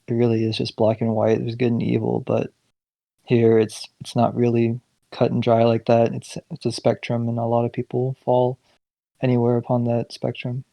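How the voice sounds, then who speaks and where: A young man co-hosting a podcast, chatting casually in a measured way with some stumbling restarts. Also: medium pitch, monotone, gravelly, dark tone, no room sound. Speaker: podcast co-host. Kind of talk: casual chat.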